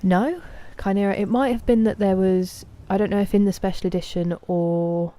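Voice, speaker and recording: A British woman chatting casually on a live game stream, thanking viewers and sometimes dropping into a soft whisper. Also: medium pitch, steady tone, moderate pace. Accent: British English.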